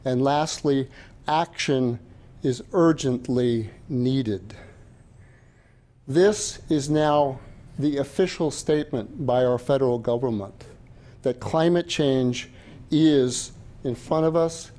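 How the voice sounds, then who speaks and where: A man's voice: mid-range voice, slow, mellow. An older man giving an earnest, emphatic public comment at a county board meeting.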